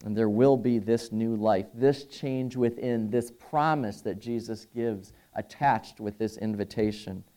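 Earnest male pastor mid-sermon; mellow, warm voice with emphatic phrasing. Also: lowish voice, a little slow, few pauses.

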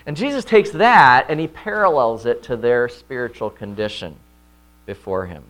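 A man preaching an expository sermon, often checking in with listeners with "right?" and loudly voicing quoted lines. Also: medium pitch, animated, moderate pace. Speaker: pastor.

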